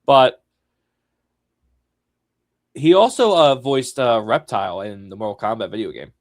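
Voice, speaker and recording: A man co-hosting a podcast, chatting casually and telling a story with big swings between loud and soft. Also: medium pitch, very animated, measured pace, no room sound. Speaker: podcast co-host.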